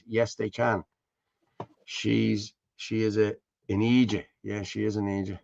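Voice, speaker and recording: A man's voice: lowish voice, level tone, unhurried, vocal fry, a little mellow, no echo. An Irish man hosting a casual live stream, blunt and scornful, swearing freely. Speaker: host. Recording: dull lo-fi stream audio.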